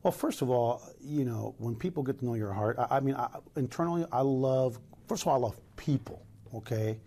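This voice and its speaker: A man's voice: mid-range voice, a little fast, dark tone. A middle-aged man from Los Angeles, a police chief answering news interview questions in an earnest, emphatic way with many restarts.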